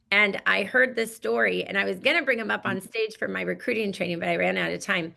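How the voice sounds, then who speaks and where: Woman host, enthusiastic motivational caller, bright voice with heavy vocal fry. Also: mid-range voice, steady tone, a little fast, few pauses. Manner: enthusiastic, effusive. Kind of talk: motivational business call.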